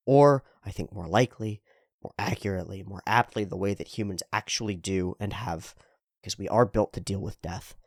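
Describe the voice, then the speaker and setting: A man's voice: mid-range voice, no room sound, studio quality. A man giving casual reaction commentary on a manga. He is emphatic, swears freely and repeats his points for stress.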